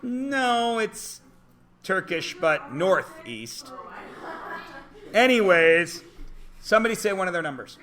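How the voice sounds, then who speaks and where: A high, sing-song male voice, pushed and bright, comes slowly with long pauses. In a classroom lecture, he teaches math, explaining steps and giving instructions, salted with dry, theatrical humor aimed at his students.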